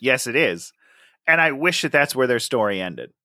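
A man's voice: medium pitch, moderate pace, no echo, clean studio sound. A man co-hosting a casual movie review chat, joking and laughing often. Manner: animated, jokey, laughs a lot. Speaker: podcast co-host.

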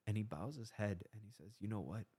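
A young man with a very low voice speaks earnestly, sharing a faith testimony on his podcast. He acts out the dialogue as he goes. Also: a little fast, dark tone, slightly rough. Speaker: podcast host.

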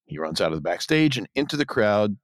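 A man's voice: on the low side, big pitch swings, fast talker, no echo. Male podcast co-host, casual recap voice, dry close-mic sound. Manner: retells scenes, mimics characters in a raised voice. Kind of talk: casual episode recap chat.

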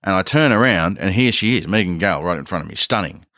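A man with an Australian accent, co-hosting a podcast and telling stories in a loose, rambling way, with lively impressions of the people he quotes. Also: deep voice, quick pace, no room sound, clean studio sound. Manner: rambling, animated quoting of others. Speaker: podcast co-host. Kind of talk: casual comedic storytelling.

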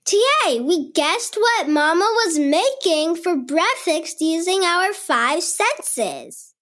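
A woman's voice: very high-pitched, animated, slow, a bit bright, exaggerated voice. Penny, a bubbly little girl. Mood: cheerful. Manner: eager and bubbly. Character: cheerful curious little girl.

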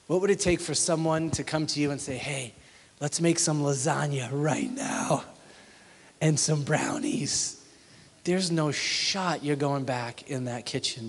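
A middle-aged man preaching a sermon, swinging from loud exclamations to hushed asides. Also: medium pitch. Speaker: pastor. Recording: long hall reverb.

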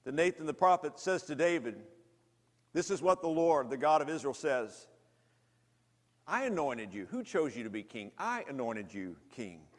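Male preacher, high voice, dramatic storytelling, loud peaks and hushed lows, long hall reverb. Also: sing-song, normal speed. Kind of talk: sermon.

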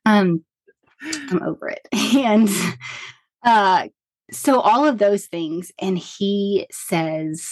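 A woman's voice: mid-range voice, very slow, no room sound. Chatty woman telling her story. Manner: chatty, animated, full of fillers and laughs. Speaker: guest, licensed counselor. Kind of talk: personal storytelling in a podcast interview.

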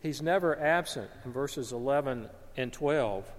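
A man's voice: medium pitch, a little slow. Man preaching in a reverberant hall. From North Alabama, US. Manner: earnest, repeats words while searching for them. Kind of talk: sermon.

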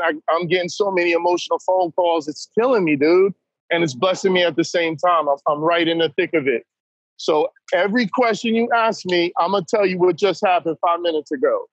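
A man's voice: sits high, a little fast, no room sound, dull audio. A man talking as a podcast guest, blunt and emphatic, who keeps saying "man" as he talks. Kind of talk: candid conversation.

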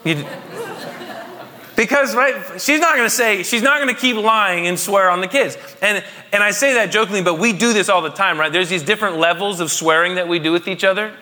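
A high, brisk, bright voice belongs to a pastor in his thirties, delivering a forceful, jokey sermon to his congregation in a church hall. He keeps things conversational, often quizzing the listeners, while a faint crowd murmurs and the hall's long reverb trails behind him.

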